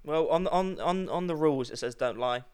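A young man co-hosting a podcast in casual chat, animated and giggly, often restarting his sentences. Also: a little high, moderate pace, crowd noise. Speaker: podcast co-host.

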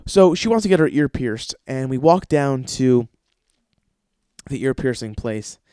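A man tells stories on his podcast in a loose, crude, rambling way. His voice sits at a middle pitch and is recorded dry and close, with no room sound. He often jumps into a higher voice to act out the people in his stories. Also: unhurried, clear, resonant tone, no echo. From lives in Los Angeles. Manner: profane, rambling, animated, mimics others in high voices. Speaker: podcast host. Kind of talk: casual storytelling monologue.

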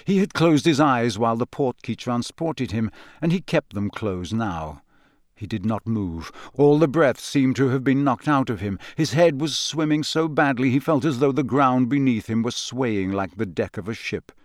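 A male audiobook narrator reads in a measured, steady voice of middle pitch. The recording is close and dry, with no room sound. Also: no room sound. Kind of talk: scripted narration.

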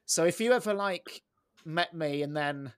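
A man's voice: a little high, a little slow, clear, resonant tone. An English man, a comedian and sports commentator, chatting as an interview guest in a rambling, self-deprecating way. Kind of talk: casual interview chat.

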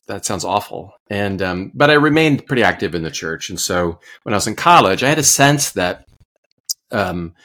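A man in his fifties, originally from Iowa, tells how he came to the ministry with a low, settled voice. He speaks thoughtfully and pokes fun at himself, often pausing and restarting mid-sentence. He is a pastor, guest on a podcast. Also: fairly bright tone. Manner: thoughtful, self-deprecating, with frequent fillers and restarts. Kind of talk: relaxed conversational storytelling.

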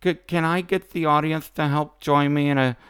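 A man's voice: a little high, steady tone, moderate pace, a bit bright, clear, resonant tone, dry recording, studio quality, natural voice. A man putting on a whiny, sing-song voice to mock a woman talk-show panelist.

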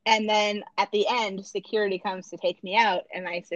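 A woman's voice: medium pitch, normal speed, no room sound, muffled recording. A woman with a Midwestern American accent and a slight lisp, telling stories and swearing freely as a podcast co-host. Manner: animated storyteller, swears freely. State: slight lisp from a bitten tongue. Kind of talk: casual chat.

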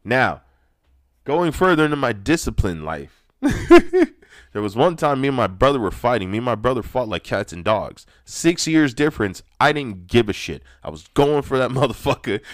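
A man hosting his own podcast, telling personal stories in a ranty, profane, animated way that gets loud when he is excited. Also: medium pitch, normal speed, no echo, clean studio sound. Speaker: podcast host. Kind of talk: ranty personal storytelling monologue.

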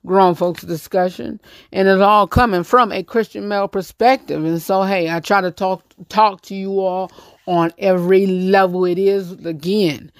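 A man's voice: high-pitched, fairly even intonation, moderate pace, clean tone, no room sound, studio quality. A man with a Southern US accent hosting a casual talk segment, speaking bluntly and rambling with many restarts. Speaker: host.

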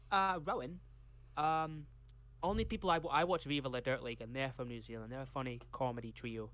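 A man's voice: medium pitch, a little fast, a bit bright. A Scottish man co-hosting a podcast, reading case notes from a script and breaking off for chatty tangents. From Scotland. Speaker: podcast co-host.

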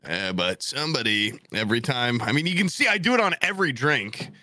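Young guy rambling thru a funny story, super animated, bright voice, dry mic. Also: mid-range voice, fairly quick, no room sound. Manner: animated, swearing, jokey storytelling. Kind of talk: casual storytelling chat.

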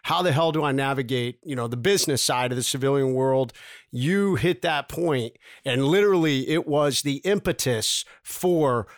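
A man's voice: mid-range voice, normal speed, no echo, clean studio sound. A man co-hosting a casual podcast interview, talking bluntly and emphatically with some swearing. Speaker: podcast co-host.

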